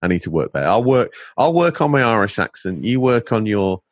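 A man's voice: lowish voice, sing-song, a little fast, no room sound, studio quality. A young man with an English Lincolnshire accent, co-hosting a casual chat in a jokey, playful way. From England. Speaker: podcast co-host.

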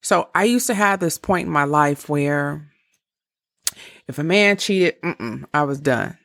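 A woman of about fifty talks through relationship advice in a slow, blunt, candid way and swears freely. Her voice is gravelly with a rough fry. The sound is dry and close. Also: low-pitched, lively intonation, a bit bright, no echo. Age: around 50. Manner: blunt, profane, candid with laughing asides. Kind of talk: casual advice monologue.

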